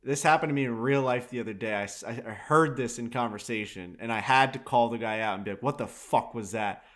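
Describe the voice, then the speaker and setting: A young man co-hosting a podcast, telling stories in casual chat, animated and swearing freely. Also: mid-range voice, fairly quick. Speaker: podcast co-host.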